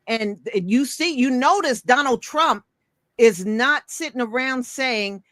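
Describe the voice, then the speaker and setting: A woman's voice: on the high side, takes it slowly, fairly bright tone, no echo, studio quality. Blunt, emphatic woman host. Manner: blunt, emphatic, swears freely. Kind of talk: casual opinion talk.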